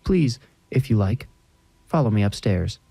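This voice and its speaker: A man's voice: lowish voice, lively intonation, a little slow, vocal fry, dark tone, no echo, full character voice. A man voicing a formal, slightly condescending woman ghost hunter in a horror story. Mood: prim. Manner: prim, formal, a bit condescending.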